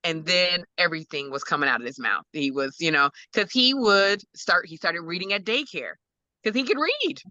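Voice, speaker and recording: This is a woman recounting her son's milestones with feeling, slipping into quoted voices and laughing between lines. Her voice is bright and pushed forward, and she sits slightly low for a woman. The recording is dry and a little muffled. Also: normal speed, dry recording. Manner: expressive, acts out quotes, laughs often. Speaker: guest, parent of an autistic son. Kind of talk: emotional personal storytelling.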